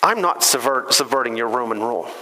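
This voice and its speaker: A pastor voicing a calm, plain-spoken teacher in a lowered, steady voice, in a reverberant church hall. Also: male voice, brisk.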